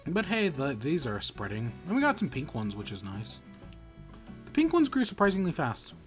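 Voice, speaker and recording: A man's voice: on the high side, wildly swooping pitch, moderate pace, faint music behind. A man streaming a video game, chatting casually in rambling, self-correcting bursts. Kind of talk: casual gameplay commentary.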